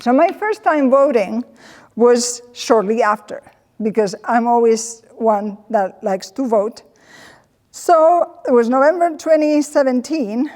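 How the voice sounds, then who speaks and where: Woman doing a funny storytelling talk, higher voice, animated, acts out voices, long hall echo. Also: takes it slowly. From Spain. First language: Spanish. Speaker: presenter. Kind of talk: comedic personal storytelling talk.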